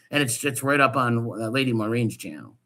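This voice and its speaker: A man hosting a stream, ranting in crude, mocking casual commentary with loud outbursts. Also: mid-range voice. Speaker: stream host.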